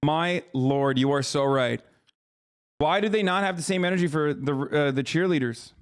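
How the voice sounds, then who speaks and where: A man live-streaming, reacting to a clip in a fast, incredulous, ranting way. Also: a little high, clear, resonant tone. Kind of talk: casual reaction commentary.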